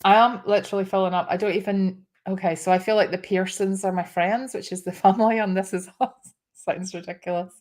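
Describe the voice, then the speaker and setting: Host, woman in her fifties, chatty and heartfelt, mid-pitched, casual live talk. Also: fairly even intonation, fairly quick, darkish tone. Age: 50s. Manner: chatty and emotional, with frequent laughs and restarts.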